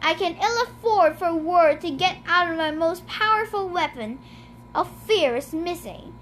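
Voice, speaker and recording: Indignant god of the dead read by a woman; slow, high-voiced storybook delivery. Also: lively intonation, fairly bright tone, slight background noise, full character voice. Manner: indignant, bellowing, grumbling. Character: male god of the dead, angry, complaining.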